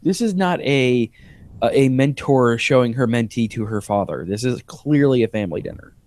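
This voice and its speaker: A man co-hosts a casual TV recap podcast, chatting about episodes and earnestly breaking down plot details. His medium-pitched voice is animated and a little mellow, at normal speed.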